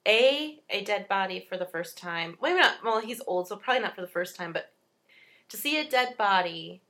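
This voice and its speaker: A woman's voice: medium pitch, animated, normal speed, sharp tone. Enthusiastic woman gushing over a film. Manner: enthusiastic, laughs while retelling scenes. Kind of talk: casual chat about a film.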